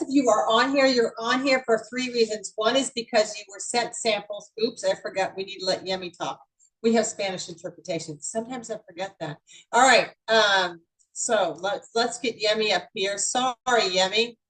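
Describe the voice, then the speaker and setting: A woman's voice: mid-range voice, moderate pace, fairly bright tone, low-quality recording. A woman in her mid sixties hosting an online beauty event, chatty and upbeat, talking straight to her audience. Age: 60s. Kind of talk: casual online presentation.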